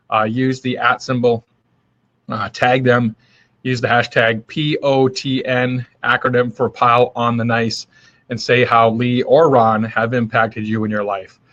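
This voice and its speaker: A man's voice: medium pitch, fairly bright tone, highs cut off. Rambling man on a live stream. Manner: friendly, rambling, with many fillers and restarts. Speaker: host of a daily live video. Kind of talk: casual motivational live stream.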